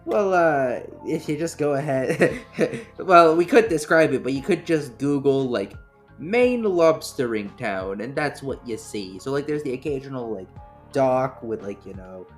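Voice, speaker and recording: A man's voice: mid-range voice, expressive, unhurried, faint music behind. A man chatting casually as a player in a tabletop game, talking in loose run-on phrases full of filler words. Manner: chatty, full of "like, you know".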